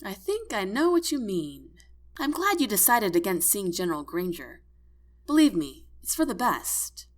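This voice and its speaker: A woman's voice: medium pitch, big pitch swings, normal speed, close to an everyday voice. A woman voicing a drowsy, teasing young woman roommate in an audiobook, mumbling playfully. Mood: friendly.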